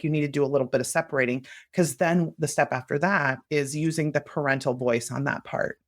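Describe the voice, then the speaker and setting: A woman's voice: low-pitched, steady tone, fairly quick, few pauses. A woman guest on a podcast, earnestly explaining her ideas and acting out her own self-talk in casual conversation.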